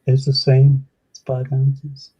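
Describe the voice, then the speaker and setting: A man chatting casually on a stream, making slow, low-key remarks. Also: monotone, warm tone, slightly rough. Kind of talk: casual chat. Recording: dull, muffled audio.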